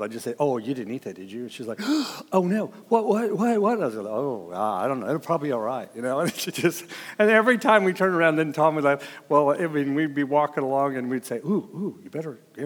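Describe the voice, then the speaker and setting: A man's voice: medium pitch, big-room sound. A man preaching as a pastor, telling stories with chuckles and acting out what people said. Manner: storytelling, chuckling, acts out quotes. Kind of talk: sermon with personal stories.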